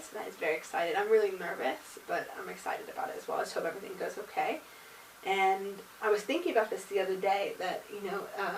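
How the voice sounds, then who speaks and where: A young woman chatting casually in a home vlog, rambling with many likes and ums. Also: medium pitch. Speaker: vlogger. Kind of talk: casual pregnancy update vlog. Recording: roomy, distant mic with faint hiss.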